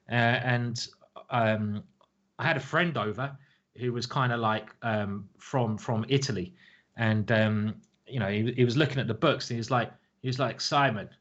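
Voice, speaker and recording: A man's voice: mid-range voice, fairly bright tone, lo-fi sound. A man in his forties chatting casually to his live-stream viewers as a chess commentator, rambling and jokey, often chuckling at his own stories. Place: home streaming setup.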